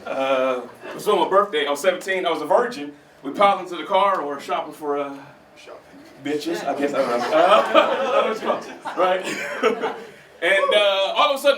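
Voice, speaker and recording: A man's voice: sits high, fairly bright tone, recorded from a distance. A man doing a stand-up set at an open mic, talking conversationally to the crowd and laughing at his own jokes, recorded in a roomy small theater from afar. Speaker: stand-up comedian.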